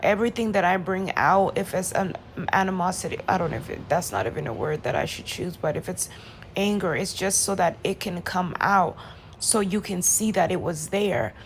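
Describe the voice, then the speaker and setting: A woman vlogger talking through her feelings in an impassioned personal monologue, swinging from quiet to loud pleading. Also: fairly low pitch, moderate pace, a little hiss or hum. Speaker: vlogger reacting to a reading.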